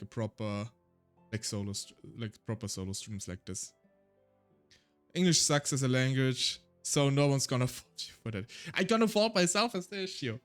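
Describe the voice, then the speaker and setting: A man with a German accent, a native German speaker, chatting casually on a solo stream in a rambling, self-deprecating way. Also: medium pitch.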